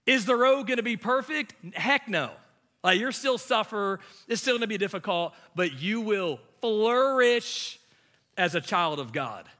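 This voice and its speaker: Bright, animated man preaching a casual sermon. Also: sits high, measured pace. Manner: conversational, animated preaching with many "like" fillers. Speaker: pastor.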